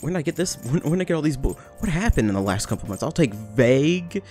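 A young man giving excitable, jokey commentary over a video game, breaking into yelled bursts. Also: mid-range voice, fast talker, soft background music. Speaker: gaming YouTuber.

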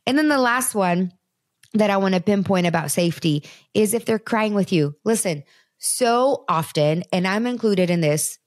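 A woman's voice: mid-range voice, expressive, moderate pace, dry recording, clean studio sound. A woman in her thirties hosting a parenting talk show, speaking earnestly and conversationally straight to her listeners. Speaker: podcast host.

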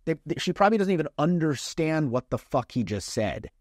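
A man coaching dating in a casual, blunt way, swearing freely and acting out quick mock lines. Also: a little high, big pitch swings, dry recording, clean studio sound.

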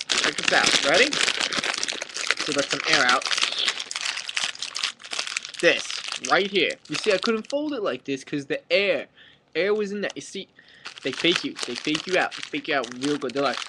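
A man's voice: fairly high pitch, expressive, moderate pace, heavy background noise. A young man vlogging a mock-angry comic rant to camera, exaggerated and sweary.

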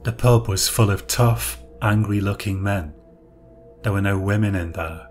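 A man narrating a dark thriller story in a measured, even reading voice. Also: fairly low pitch, faint music behind.

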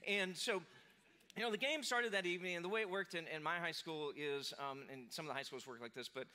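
A man's voice: a little high, brisk, pushed and bright, clear, resonant tone. A man in his forties, a pastor, giving a casual, self-deprecating sermon told as a personal story. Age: 40s.

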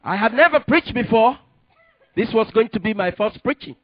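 A man preaching a sermon and telling his testimony, with emphatic delivery that rises to sudden loud peaks. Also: high voice, lively intonation, normal speed, dry recording, highs cut off. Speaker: pastor.

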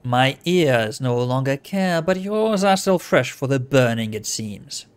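A man voicing a sly, withered old male tiefling fence who leans on a crutch, mocking and quick to anger. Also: mid-range voice, lively intonation, clean tone, lightly acted. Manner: menacing, mocking, flares into fury.

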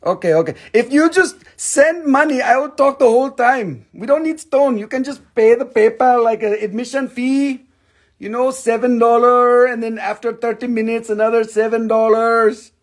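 A man hosting a live-stream crystal sale, rambling and joking in a goofy, playful way with sudden shouts. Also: very high voice, normal speed.

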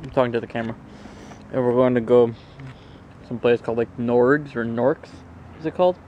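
A man's voice: mid-range voice, fairly even intonation, a little fast, highs cut off, a little hiss or hum. A man chatting casually in a travel vlog, joking with family and talking to the camera. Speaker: vlogger.

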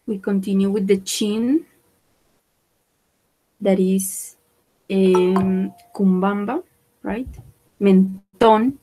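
A woman teaching English vocabulary, repeating each word slowly for pronunciation and switching into to explain. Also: mid-range voice, fairly even intonation, mellow, slight background noise, rough recording. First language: Spanish. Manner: slow, repeats words for pronunciation. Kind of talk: bilingual vocabulary lesson.

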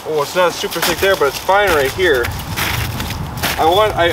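A man's voice: fairly high pitch, distant mic, heavy background noise. A man vlogging outdoors on a frozen lake, chatting casually and talking to his dogs between remarks. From Michigan. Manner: chatty, talks to his dogs, rambling asides. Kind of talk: casual camping vlog talk.

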